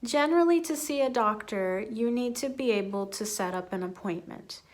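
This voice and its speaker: A young American woman teaching English vocabulary, slowly repeating each key phrase twice. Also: fairly high pitch. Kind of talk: slow, clear English lesson.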